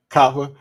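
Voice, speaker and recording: A man hosting a podcast livestream, talking in a relaxed, casual, slangy way. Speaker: podcast host.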